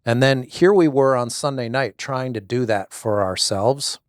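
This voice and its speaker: A man's voice: medium pitch, measured pace, no echo, clean studio sound. A middle-aged man reflecting thoughtfully and hesitantly in a casual conversation, often restarting his sentences. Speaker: guest, husband.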